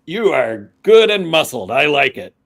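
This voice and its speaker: Man doing a booming, hearty female orc. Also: very animated, measured pace, gravelly, a bit bright, exaggerated voice. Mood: hearty welcoming. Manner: booming and welcoming. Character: hearty, warm female orc café owner, towering.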